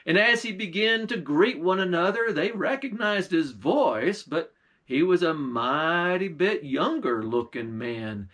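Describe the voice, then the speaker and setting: A man's voice: on the high side, fairly bright tone. A man, a pastor, telling a folktale in a folksy, old-time dialect. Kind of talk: folktale storytelling.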